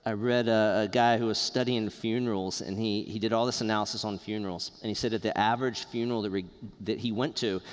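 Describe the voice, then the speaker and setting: Male pastor, lowish voice, earnest conversational sermon, reverberant hall. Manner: earnest, conversational preaching with pauses. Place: church sanctuary.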